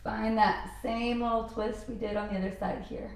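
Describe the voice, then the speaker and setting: Gravelly-voiced yoga instructor woman, echoey room. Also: a little high, moderate pace. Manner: calm, encouraging cueing of poses and breath. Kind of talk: guided yoga class instruction.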